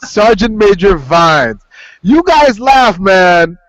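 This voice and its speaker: A man's voice: high voice, big pitch swings, slow pace, a bit bright, a little hiss or hum. A man hosting a podcast in casual chat, laughing often and swearing as he tells stories. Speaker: podcast host. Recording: dull lo-fi sound.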